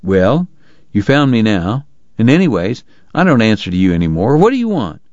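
A man's voice: on the low side, sing-song, normal speed, a little mellow, dry recording, lo-fi sound. A man voicing a defensive, exasperated young male frontier sheriff.

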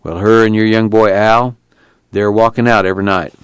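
This is a humble, worried farmer father, earnest and pleading in a plain rural dialect, as a man reads him. The voice is low and close. The sound is dry. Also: fairly even intonation, normal speed, smooth, dry recording, close to an everyday voice.

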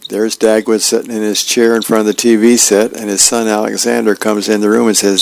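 A man with a low, gravelly voice reading newspaper comic strips aloud. His delivery is plain and unhurried, with the odd filler, and the sound is dry and close. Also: little pitch movement, darkish tone, no echo.

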